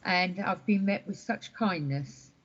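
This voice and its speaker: A woman councillor speaks in a heartfelt way during an online meeting. Her voice sits slightly low, and the audio is dull. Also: a little slow, breathy edge. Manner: heartfelt, emotional. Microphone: video call. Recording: dull lo-fi video call audio.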